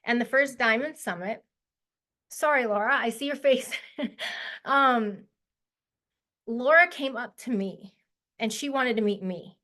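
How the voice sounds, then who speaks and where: A woman's voice: a little high, unhurried, long pauses, bright, forceful tone. A woman in her forties giving an emotional, heartfelt talk as a guest speaker on a video call, chatty and full of fillers. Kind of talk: casual presentation to a webinar audience.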